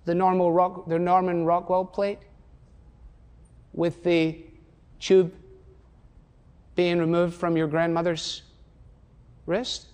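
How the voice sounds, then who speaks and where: A man in his sixties preaches with a notably high-pitched voice, pressing his listeners with rhetorical questions and emphatic repetition. His voice rings out with the long reverb of a large church auditorium. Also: monotone, slow, long pauses, a little mellow, clear, resonant tone. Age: 60s. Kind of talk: sermon.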